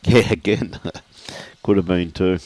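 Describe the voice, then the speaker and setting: A low-pitched man commentates a lawn bowls match live. His talk is chatty and joking, full of "mate", and it is recorded close and dry with no room sound. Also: fairly even intonation, slow, a little mellow, no room sound.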